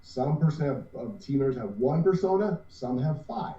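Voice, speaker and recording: A man's voice: mid-range voice, animated, normal speed, warm tone. A man, co-owner of a cosplay group, talking earnestly in a casual interview with many restarts. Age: 50s. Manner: rambling, earnest, restarts often. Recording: roomy, distant, dull lo-fi sound.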